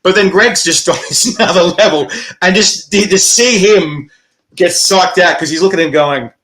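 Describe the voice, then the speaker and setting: A man organizing a chili eating competition, chatting excitedly in an interview, laughing and swearing casually. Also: high-pitched, moderate pace, crowd noise. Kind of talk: animated interview chat.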